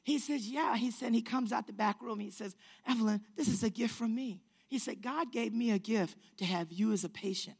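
A woman with a husky, slightly breathy voice tells a personal story to a live audience. She acts out every person she quotes, swings her pitch high and low, and breaks into shouts as the tale builds. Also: fairly quick, few pauses. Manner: lively storyteller acting out quotes, rising to shouts.

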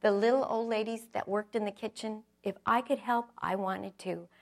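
A woman's voice: medium pitch, steady tone, normal speed, creaky, a little mellow. A middle-aged woman giving an earnest, reflective personal testimony, telling her story with acted quotes.

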